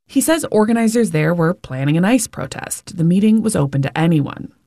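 Low, gravelly-voiced woman news correspondent. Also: lively intonation, brisk, dark tone, no echo, studio quality. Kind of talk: scripted news report.

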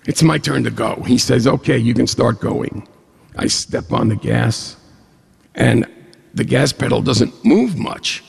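A man telling a humorous personal story to an audience, animated, jumping up in pitch when he quotes dialogue. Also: measured pace, gravelly, breathy edge. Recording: long hall reverb.

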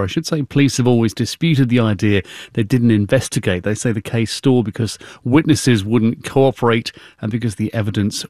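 Male newsreader, lowish voice, measured, dry studio. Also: a little mellow, no echo. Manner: measured, formal. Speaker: news presenter. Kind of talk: news reading.

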